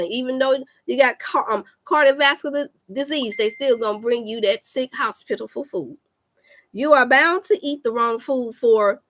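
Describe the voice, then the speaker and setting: Woman health coach in a preaching livestream talk, fairly high-pitched, fervent, repeats herself for emphasis, speaks straight to her viewers. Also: a bit bright. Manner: calls out to listeners with "y'all".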